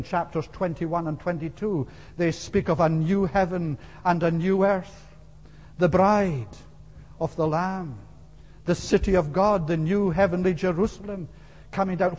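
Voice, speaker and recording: A man delivers an earnest, rhetorical sermon, pressing hard on key phrases before easing off. His voice sits a little high for a man. The sound carries a long reverb, as in a church hall. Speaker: preacher.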